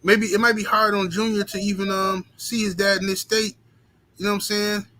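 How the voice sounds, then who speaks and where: Host, male, profane casual stream chatter, tense bright tone. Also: high-pitched, level tone, a little fast, low-quality recording. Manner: loose, profane, laughing asides, slangy. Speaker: boxing talk show host. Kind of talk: casual live-stream commentary.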